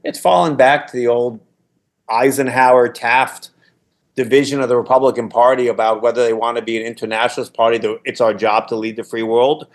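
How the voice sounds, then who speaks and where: A former political staffer in his sixties shares anecdotes on a casual podcast, often restarting his sentences. He speaks fairly quickly at a medium pitch in a steady tone.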